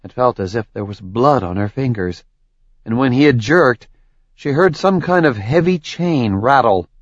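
A man reading a story aloud in slow, tense scripted narration. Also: medium pitch, animated, dry recording. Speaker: audiobook narrator. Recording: dull lo-fi, dry recording.

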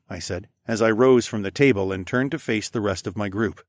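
A man narrating a first-person audiobook in a steady, even storytelling manner. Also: on the low side, a little fast, few pauses, no echo, studio quality.

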